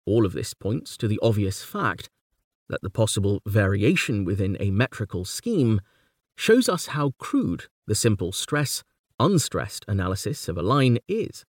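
Male academic narrator, expressive intonation, dry studio read, measured delivery. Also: on the low side, no room sound. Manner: measured, reads poem quotes slowly and rhythmically. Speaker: lecturer on poetic meter.

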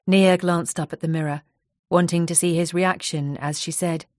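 A woman narrates a novel in an even, unhurried voice. Her pitch sits a little low. The recording is dry and close to the mic. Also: no echo. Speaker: audiobook narrator. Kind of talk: novel reading.

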